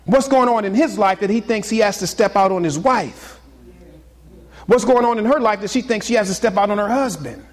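A pastor preaching a sermon to his congregation, swinging between loud exclamations and hushed, confiding asides. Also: high-pitched, lively intonation, fairly quick, big-room sound.

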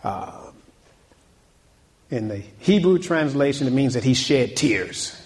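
Man preaching a lively sermon. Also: mid-range voice, takes it slowly. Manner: preaching with rising intensity and repetition; asks the congregation questions and calls out amen. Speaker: pastor.

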